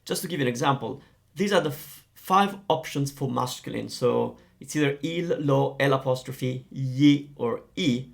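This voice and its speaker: A man teaching Italian grammar, explaining in a lively, playful way. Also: medium pitch, moderate pace, creaky.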